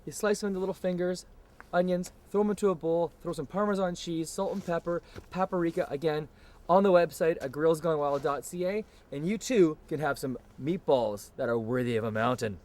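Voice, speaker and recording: Excitable high-voiced cooking show host. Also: male voice, a little fast. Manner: excitable, hammy, exclaims and hollers at the food. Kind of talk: upbeat cooking demo chat. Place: outdoors on a mountain by a grill.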